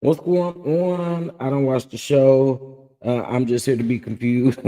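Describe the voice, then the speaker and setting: In what sounds like a large hall, a man with a mid-range, darkish, scratchy voice casually hosts a livestream recapping a reality show. He greets his viewers by name and drawls words like "child" and "y'all."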